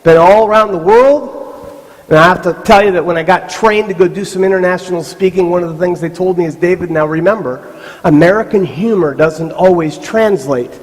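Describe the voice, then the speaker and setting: A man giving a live motivational talk to a youth camp, telling stories with animated voiced asides. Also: high-pitched, brisk. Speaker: motivational speaker. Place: large hall with live audience. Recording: stage mic in a reverberant hall.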